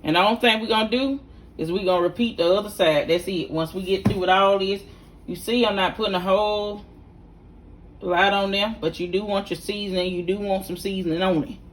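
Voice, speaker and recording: A middle-aged home cook speaks briskly in a medium-pitched voice with fairly even intonation, over slight background noise. Demonstrating a recipe in her kitchen for her vlog, she chats in a folksy, instructive way and addresses viewers directly.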